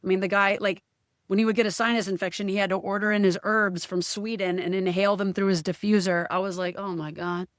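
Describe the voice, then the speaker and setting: A woman's voice: medium pitch, flat delivery, fast talker, no room sound, studio quality. A woman guest in a casual podcast chat, speaking candidly and emotionally, often quoting what others said. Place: podcast studio.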